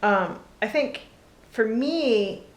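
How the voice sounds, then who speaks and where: A woman teaching a casual fiddle lesson, relaxed and chatty with many pauses and fillers between playing. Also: fairly high pitch. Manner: relaxed, lots of ums, talks between demonstrations. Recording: roomy with loud fiddle playing.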